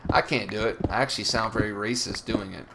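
A man's voice: fairly low pitch, fairly even intonation, quick pace, creaky, heavy background noise. A young man from the Southern United States, chatting and grumbling through profane gameplay commentary as a let's play host.

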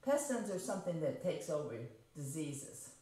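A woman's voice: sits low, big pitch swings, normal speed, warm tone. A woman preaching a homespun, conversational sermon, reading scripture aloud and explaining it, repeating and rephrasing her points and asking the congregation questions. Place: church sanctuary. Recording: very echoey church room.

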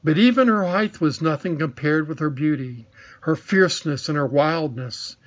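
A man's voice: fairly high pitch, moderate pace, muffled recording. A man reading a children's fantasy novel aloud as scripted narration. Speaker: audiobook reader.

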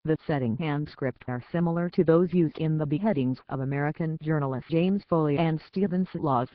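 A man reading a scripted news story in a steady read-aloud manner. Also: fairly high pitch, brisk, no room sound. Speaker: news reader. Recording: tinny phone-like dry sound.

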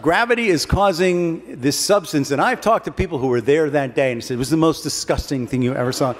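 A man's voice: on the high side, brisk. A man giving a humorous keynote speech to an audience, telling a long comic story in a wry, dry way. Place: large hall before an audience. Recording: long hall reverb, faint background noise.

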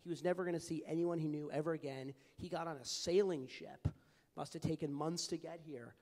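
This panelist, a young advocacy group founder from California, speaks a little fast in a slightly high, darkish voice. In a panel discussion in a large forum hall, he is earnest and anecdotal, stumbling through fillers and restarts amid long hall reverb.

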